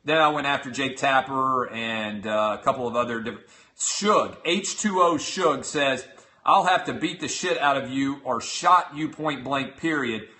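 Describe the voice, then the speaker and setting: A man's voice: mid-range voice, unhurried, sharp tone. A man hosting a show, reading out hostile messages aloud with sarcastic, profane mockery. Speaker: host. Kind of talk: reading out hate tweets.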